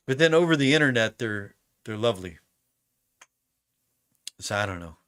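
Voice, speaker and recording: A man's voice: fairly low pitch, animated, normal speed, a bit bright, smooth, no room sound. An American man chatting casually on a live stream, rambling through stories with lots of restarts. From United States. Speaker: musician streaming a recording session.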